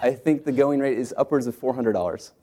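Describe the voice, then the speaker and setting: Man, co-founder storyteller, animated, does quick voices in his anecdotes. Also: medium pitch. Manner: animated, acts out quotes in put-on voices. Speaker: startup co-founder telling his company's story. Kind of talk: storytelling talk to an audience.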